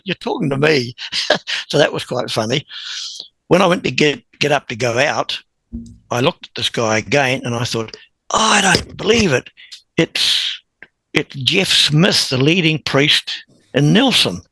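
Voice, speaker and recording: Gravelly New man telling a story. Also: on the high side, no room sound, low-quality recording. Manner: animated anecdote-teller who chuckles and clears his throat. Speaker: podcast guest. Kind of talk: conversational storytelling.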